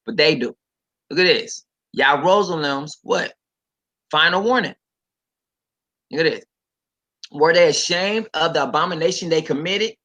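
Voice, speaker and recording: A man's voice: a little high, sharp tone, dull audio. A man preaching casually on a livestream, talking straight to his viewers, reading scripture aloud and commenting on it, with emphatic repetition.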